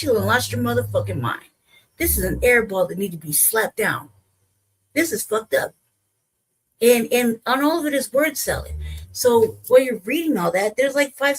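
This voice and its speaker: A woman's voice: a little high, slightly rough, poor audio. A woman hosting a reaction commentary, heated and emphatic, swearing freely as she rants. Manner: heated, profane, emphatic ranting. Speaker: host.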